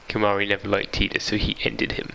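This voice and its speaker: A man's voice: fairly low pitch, creaky, bright, forceful tone, low-quality recording. A young man streaming a game live, chatting casually, reading viewer comments aloud and laughing easily. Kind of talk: casual live-stream chat over gameplay. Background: game music.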